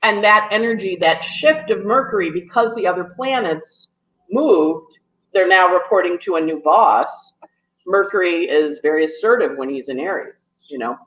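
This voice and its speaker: A woman astrologer tells a story in a casual, quick way and acts out the voices of the people in it. Her voice comes over a dull phone line. The room around her is echoey. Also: on the low side. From New York. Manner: talks fast when nervous, acts out quotes. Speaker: astrologer guest. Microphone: phone on a call.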